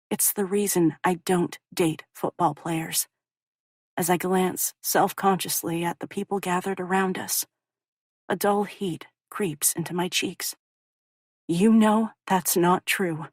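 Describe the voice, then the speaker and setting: Low-voiced woman narrating a romance audiobook. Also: no echo, clean studio sound.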